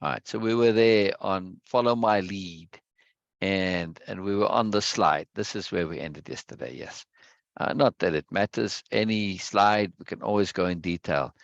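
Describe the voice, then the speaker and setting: Male study-group host, low gravelly voice, dry dull lo-fi sound, chatty and repetitive greeter. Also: moderate pace, dry recording. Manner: repeats phrases, greets viewers one by one. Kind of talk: casual livestream chat before a reading session.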